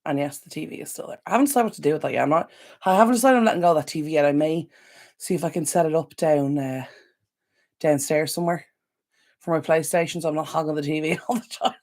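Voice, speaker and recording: Low-voiced Irish woman chatting on a live stream. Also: fast talker, darkish tone. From Ireland. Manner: chatty, rambling, answers viewer comments sympathetically. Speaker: decluttering channel host. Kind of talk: casual live-stream chat.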